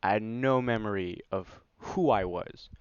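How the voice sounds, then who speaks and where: A man telling a personal story on his vlog in a casual, rambling way, full of "like" and "you know", excited as he recounts it. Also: on the low side, measured pace, clear, resonant tone, dry recording. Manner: excited, animated retelling. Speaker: vlogger. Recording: dry, slightly dull lo-fi recording.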